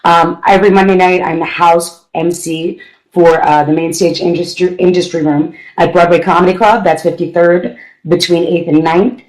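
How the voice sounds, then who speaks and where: A woman's voice: on the low side, fairly even intonation, normal speed, darkish tone, rough recording. A woman comedian who is a guest on a radio talk show, bubbly and rambling, laughing often. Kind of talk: casual radio chat.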